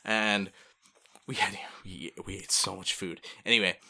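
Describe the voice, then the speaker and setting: A young man from Canada, co-hosting a casual chat and telling stories in an animated way, swearing freely. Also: sits low, unhurried, vocal fry.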